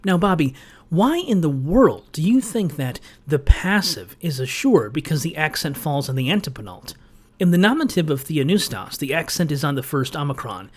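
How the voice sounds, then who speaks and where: A man's voice: on the high side, very animated, normal speed. A man delivering a scripted rebuttal commentary, sarcastic and lecturing, with a pointed, explanatory manner. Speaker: video essayist.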